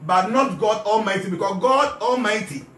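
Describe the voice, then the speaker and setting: A man's voice: high voice, moderate pace, fairly bright tone, roomy sound, far from the mic. A man with a Ghanaian accent giving an emphatic spiritual talk, repeating his key phrases. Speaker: spiritual teacher.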